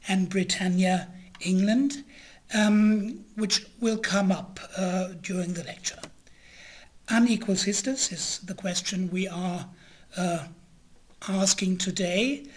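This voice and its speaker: Hesitant male history lecturer. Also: sits high. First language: German. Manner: hesitant, many pauses and filler sounds; occasionally clears his throat.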